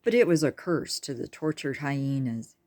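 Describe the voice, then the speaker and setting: Low-voiced lady reading a kids' book slowly, dry close mic, chatty asides. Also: animated, darkish tone, no echo. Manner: slow, chatty asides to listeners. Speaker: reader. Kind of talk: reading a children's book aloud.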